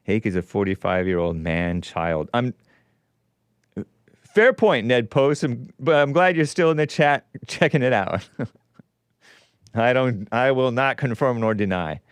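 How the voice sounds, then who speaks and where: A man in his forties hosting a call-in show, giving rambling, sarcastic, animated political commentary. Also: medium pitch, slow, pauses often, clean tone, no echo. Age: 40s.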